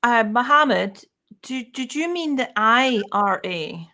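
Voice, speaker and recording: A woman's voice: fairly high pitch, expressive, slow, bright, forceful tone. A woman from Scotland with a Scottish accent, chatting casually on a live stream, telling side stories.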